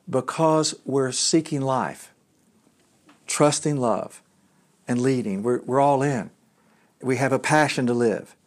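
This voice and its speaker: A middle-aged man giving a conversational sermon as a pastor, talking in a halting way with restarts and asides. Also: mid-range voice, darkish tone.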